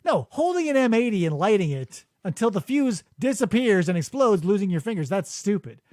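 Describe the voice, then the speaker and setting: A man hosting a casual comedic podcast chat in a studio, animated and mocking, slipping into quick impressions. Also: high voice, dry recording. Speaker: podcast host. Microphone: studio mic.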